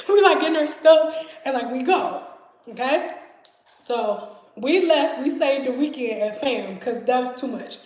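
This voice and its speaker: A young woman with a Detroit accent telling a story in casual, animated chat at home, laughing often. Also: high-pitched, measured pace, pauses often, echoey room. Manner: chatty, animated, laughs often, acts out voices. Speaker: vlogger. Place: home kitchen.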